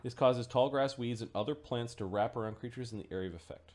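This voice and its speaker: A man playing a tabletop game, reading rules aloud and thinking out loud with fillers. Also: medium pitch, fast. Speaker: player.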